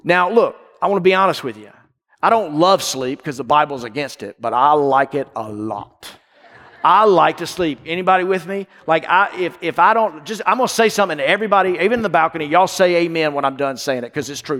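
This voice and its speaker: A man preaching a sermon from the pulpit, emphatic and repetitive, swinging between loud and hushed. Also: a little high, a little fast, in a large hall. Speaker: pastor. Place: church with balcony.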